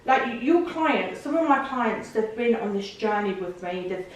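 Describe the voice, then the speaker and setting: A fairly high-voiced woman tells her story as a podcast guest, animated and emotional. She slips into put-on voices for the people she quotes. She sits back from the mic in a very echoey room. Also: moderate pace, recorded from a distance. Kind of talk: casual chat.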